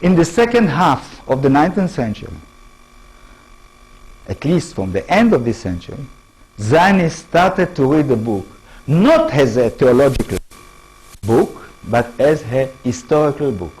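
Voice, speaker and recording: Israeli-accented male lecturer, husky, animated delivery, halting English with frequent restarts. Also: medium pitch, rough recording. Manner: halting, restarts words, checks in with the audience. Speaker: author giving a public talk. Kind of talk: lecture to an audience.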